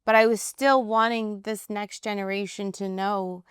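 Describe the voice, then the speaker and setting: Actress guest, woman, lively and chatty, clean dry studio voice. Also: mid-range voice, normal speed, clear, resonant tone, no room sound. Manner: animated, chatty, laughs easily. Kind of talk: casual interview chat.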